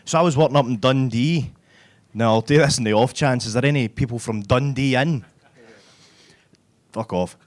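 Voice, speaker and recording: A man's voice: mid-range voice, normal speed, long pauses. A man with a Glaswegian accent doing a live stand-up set on a comedy club stage, brash and sweary, chatting to the crowd and tagging lines with "right?".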